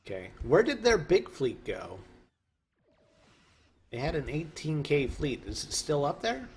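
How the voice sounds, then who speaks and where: A man's voice: on the high side, sing-song, measured pace, a little mellow, a little hiss or hum. A man hosting a let's play, talking casually through a strategy game and drifting into joking asides as he plays. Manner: rambling, musing aloud with joking asides. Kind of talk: casual gameplay commentary.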